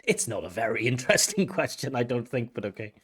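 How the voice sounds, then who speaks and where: A man's voice: medium pitch, sing-song, fast talker, fairly bright tone, breathy edge. A middle-aged man, an IELTS examiner, explaining a candidate's mistakes in a recorded speaking test review. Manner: explanatory, breaks off to analyse replies. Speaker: IELTS examiner giving feedback.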